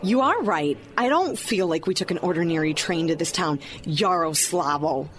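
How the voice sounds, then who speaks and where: An actress playing a fed-up American bride who owns a bookstore, sarcastic and exasperated, in a radio drama. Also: female voice, on the low side, expressive, normal speed, slight background noise, lightly acted. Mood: uneasy. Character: fed-up American bride, bookish, sharp-tongued.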